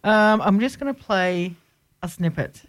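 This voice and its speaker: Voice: medium pitch, lively intonation, unhurried, no room sound. A radio co-host chatting casually and joking at their own expense on a community station. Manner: playful, self-mocking.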